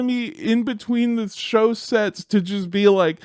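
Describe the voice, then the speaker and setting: High-voiced, animated male comedian storyteller. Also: slow, hardly any pauses, clean tone, dry recording, clean studio sound. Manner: animated, profane, laughing through his story. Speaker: podcast co-host and comedian. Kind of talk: casual storytelling chat.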